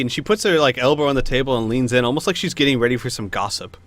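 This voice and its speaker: A man's voice: medium pitch, lively intonation, racing, a bit bright. A man narrating as game master, easygoing, with frequent filler sounds.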